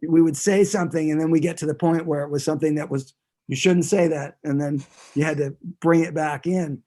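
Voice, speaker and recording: A man's voice: on the high side, fairly even intonation, fast talker, mellow. A man who is a guest musician, chatting casually in an interview and talking in a rambling way, with many restarts.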